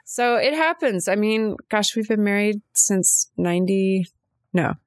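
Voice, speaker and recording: A woman's voice: mid-range voice, expressive, measured pace, dry recording. A middle-aged woman co-hosting a casual chat, telling personal stories in a chatty, emotional way. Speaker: podcast co-host.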